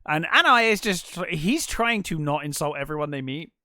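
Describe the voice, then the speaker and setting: A man co-hosting a film podcast, recapping scenes in a relaxed way with fillers and chuckles. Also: on the high side, moderate pace, no echo, clean studio sound. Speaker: podcast co-host. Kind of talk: casual film chat.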